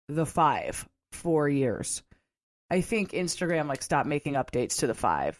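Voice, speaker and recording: Low-voiced woman chatting casually. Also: no room sound, clean studio sound. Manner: chatty, rambling, laughs often. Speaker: podcast host. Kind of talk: casual solo storytelling.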